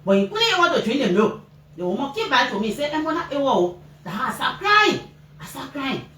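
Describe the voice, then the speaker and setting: A woman with a Liberian English accent, a mother telling reporters what happened to her son, animated and acting out what people said. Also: brisk. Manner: animated storytelling, acting out shouted quotes, pitch leaping up and down. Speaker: mother giving a press interview. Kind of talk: emotional personal account to reporters. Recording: roomy, distant mic with faint background noise.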